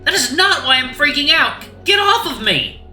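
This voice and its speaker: A man voicing a panicked young man who yells in disbelief. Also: sing-song, moderate pace, roomy sound, faint music behind, heavily acted. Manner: yelps and shouts in a high voice.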